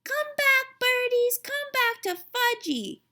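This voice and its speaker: A woman doing a tiny boy shrieking after pigeons, very high and stretched out. It is bright and piercing. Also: expressive, slow, exaggerated voice. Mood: excited. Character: squealing toddler boy chasing birds.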